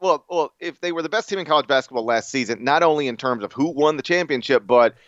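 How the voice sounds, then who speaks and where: A man's voice: on the high side, fast talker, a bit bright, no echo, highs cut off. An American man co-hosting a casual sports podcast, bantering with laughs and a self-deprecating manner. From United States. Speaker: podcast co-host.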